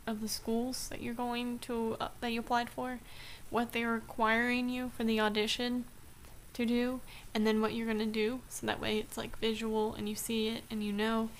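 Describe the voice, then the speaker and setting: A young woman chats in a slightly high voice for a casual home vlog, rambling, restarting often and saying "like" a lot. It's recorded on a camera mic, with a little hiss or hum.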